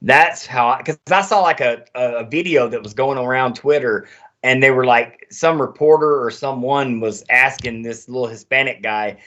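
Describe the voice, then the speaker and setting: Dull, lo-fi audio captures a man hosting a podcast in a mid-range, fairly bright voice at normal speed. He chats casually but emphatically, with plenty of profanity.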